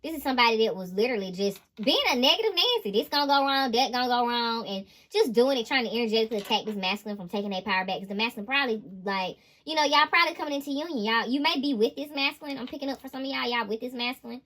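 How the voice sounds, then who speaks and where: A woman giving a tarot reading, talking in an animated, emphatic, slangy way and laughing often. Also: on the high side, rapid-fire, hardly any pauses. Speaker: intuitive tarot reader.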